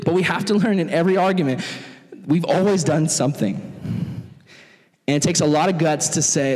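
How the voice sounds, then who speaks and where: A young man preaching to young people in a lively, conversational way. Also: fairly high pitch, a little fast, long pauses. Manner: animated, conversational, acts out voices. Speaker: youth pastor. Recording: long hall reverb.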